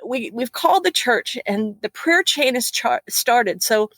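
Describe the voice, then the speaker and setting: A woman's voice: fairly high pitch, animated, unhurried, a bit bright, no room sound, pitched above the performer's own voice, heavily acted. A woman quoting her sobbing teenage son, who pleads urgently on the phone. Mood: pleading.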